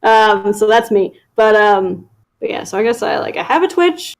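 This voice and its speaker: A woman's voice: medium pitch, sing-song, moderate pace. A woman guest in a casual livestream chat, talking chattily with many fillers and giggles.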